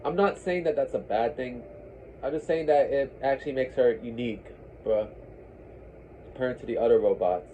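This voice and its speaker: A man's voice: medium pitch, normal speed, pauses often, mellow. A man reads game dialogue aloud and breaks off into casual commentary, tripping over words and calling the listener "bro". His voice comes through a thin, phone-like mic with a faint hiss behind it. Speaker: let's play host. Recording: tinny phone-like lo-fi sound.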